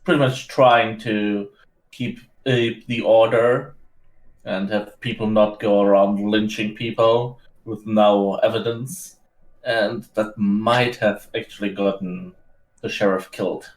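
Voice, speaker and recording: A man playing in a tabletop role-play, talking in character with hesitant, halting phrasing and frequent restarts. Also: on the low side, fairly even intonation. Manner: hesitant, many fillers and restarts. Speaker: player. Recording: roomy echo.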